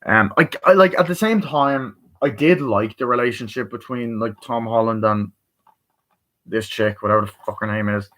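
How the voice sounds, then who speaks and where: In a fairly bright, medium-pitched voice at a moderate pace, a tired man casually reviews a movie. He wanders off track, curses often, and keeps restarting and filling gaps with filler words.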